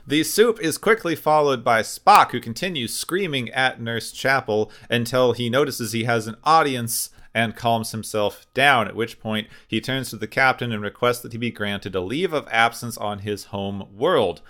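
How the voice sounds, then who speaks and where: A man's voice: mid-range voice, moderate pace, hardly any pauses, sharp tone. A man co-hosting a casual podcast, recapping a TV episode in long run-on sentences. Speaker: podcast co-host.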